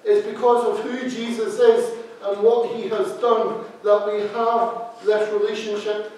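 A man preaching with a high voice, set back from the microphone. His words ring through a very echoey church hall, and he repeats key phrases with emphasis. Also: flat delivery, unhurried, a little mellow, a little hiss or hum. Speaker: associate minister. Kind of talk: sermon. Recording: very echoey hall, speaker far from mic.

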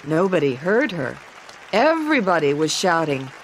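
A woman narrating a graded English story for learners, reading in a slow, clear and deliberate way. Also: on the low side, very animated, a faint crowd, a little hiss or hum.

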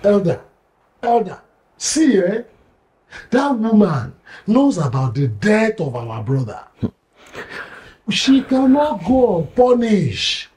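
An actor playing a suspicious, accusing male kinsman with a Nigerian accent, insistent and quick to outrage. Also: medium pitch, sing-song, dark tone. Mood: outraged.

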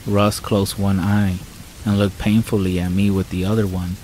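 A man narrating a first-person horror story in a measured, somber way. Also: fairly low pitch, level tone, a little mellow, slight background noise, poor audio. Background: faint rain sounds.

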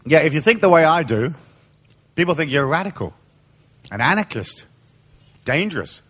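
A man's voice: fairly high pitch, big pitch swings, moderate pace, fairly bright tone, slightly rough. A man giving a live spiritual lecture, irreverent, joking and profane. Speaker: spiritual speaker.

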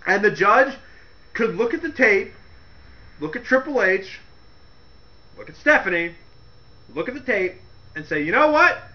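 Animated man ranting with laughs. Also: high-pitched, a little slow, pauses often, highs cut off. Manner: animated, laughs at his own retelling. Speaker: wrestling commentary host. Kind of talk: casual comedic rant.

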